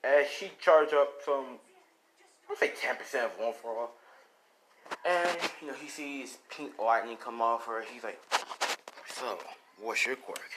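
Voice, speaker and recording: A man tells a fan story casually, rambling and swearing, with plenty of fillers. His voice sits at an average pitch with a bright, forceful tone. Faint noise sits in the background. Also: unhurried, low-quality recording.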